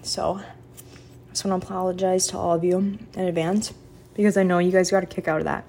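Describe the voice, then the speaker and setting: A woman's voice: fairly low pitch, flat delivery, fairly quick, a little mellow. A young woman hosting her own podcast, chatting casually in a rambling, apologetic way full of fillers. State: out of breath after stairs. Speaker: podcast host. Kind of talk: casual solo podcast chat.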